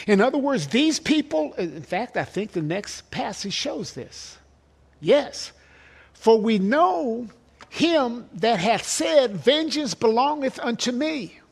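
A man with a high-pitched voice preaching verse by verse. He talks earnestly and with emphasis, quoting scripture and pressing each point with repeated phrases. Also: vocal fry, husky. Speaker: pastor. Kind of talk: verse-by-verse sermon.

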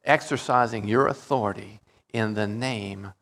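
Emphatic male preacher teaching scripture. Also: fairly low pitch. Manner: emphatic, builds to loud peaks on key words, slow drawn-out stresses; explains Greek word meanings, frequent "okay?" and "right?". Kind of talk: Bible-teaching sermon.

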